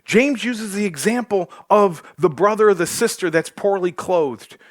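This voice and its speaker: A man's voice: sits high, unhurried. A male pastor preaching a sermon to his church, joking with the congregation as he goes. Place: church sanctuary.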